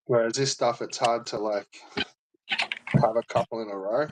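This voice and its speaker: A man's voice: mid-range voice, steady tone, moderate pace, background noise. A man chatting casually online as a co-host, laid-back and sweary. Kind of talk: casual chat.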